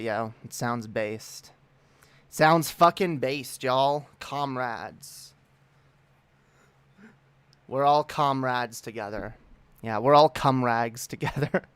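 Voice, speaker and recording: A man's voice: mid-range voice, a bit bright, smooth, dry recording. Laid-back, swearing male stream host. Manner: laid-back, profane, greets chat with "yo". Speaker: livestream host. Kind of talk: casual livestream chat.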